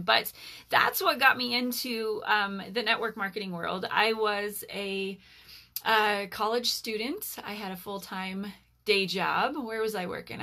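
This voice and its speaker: A woman's voice: mid-range voice, creaky, bright, forceful tone. A woman in her forties, hosting a casual live Q&A as a network marketer, chatty and rambling with lots of fillers. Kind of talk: casual live-stream chat.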